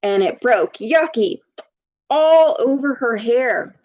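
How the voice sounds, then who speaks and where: A woman's voice: a little high, lively intonation, slow, a little mellow, lo-fi sound. A woman voicing a little girl who explains a farm mishap in a storybook reading. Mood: explaining.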